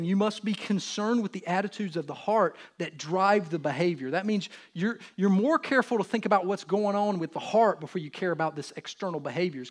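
This pastor, a man in his thirties, has a voice that sits high. He addresses the congregation directly during his church sermon, earnest and animated throughout.

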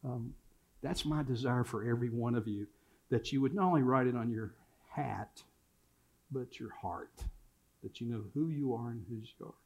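A man's voice: medium pitch, moderate pace, a little mellow, breathy edge. An older man preaching a sermon in a church, telling family stories and repeating key phrases for emphasis. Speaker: pastor. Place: church sanctuary.

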